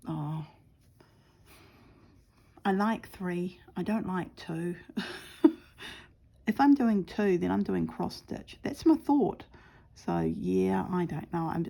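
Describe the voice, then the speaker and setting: Woman murmuring thru a craft tutorial, lots of vocal fry, kinda husky, half whispering. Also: mid-range voice. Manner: soft, often half-whispered self-talk while stitching; chatty and rambling with fillers. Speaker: embroidery stitch-along host.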